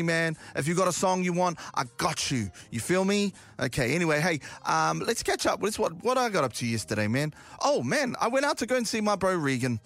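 A young man with a New Zealand accent hosting a casual morning radio show, joking and swearing, with loud hyped-up openings. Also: on the high side, dry recording. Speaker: radio host.

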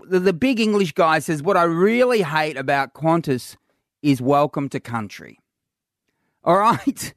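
A man's voice: high voice, no echo, clean studio sound. Australian man telling a story animatedly. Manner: animated anecdote telling with laughs and acted quotes. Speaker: radio comedy host. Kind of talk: casual storytelling chat.

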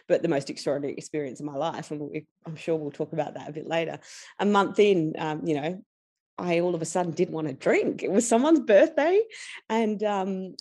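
A woman's voice: fairly low pitch, darkish tone. A woman in her forties with an Australian accent, a podcast guest telling personal stories candidly, laughing often and acting out quotes. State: tired.

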